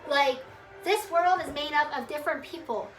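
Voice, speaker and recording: A woman's voice: high voice, moderate pace, a bit bright, soft background music, low-quality recording. A woman in her twenties telling a story in a casual vlog rant, rambling and swearing freely, with her small children around her at home. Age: 20s. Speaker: vlogger.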